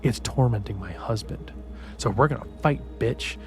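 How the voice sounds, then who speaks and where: A man's voice: medium pitch, normal speed, darkish tone, soft background music, natural voice. A man voicing a fierce, catty young wife who taunts and curses at her rival. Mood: taunting. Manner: cursing, taunting, confrontational.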